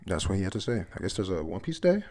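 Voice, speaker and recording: A young man with a lowish voice talks through a comic chapter in loose, casual commentary. He rambles, trips over words as he reads and drops the odd curse. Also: big pitch swings, quick pace, warm tone. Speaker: manga chapter reviewer.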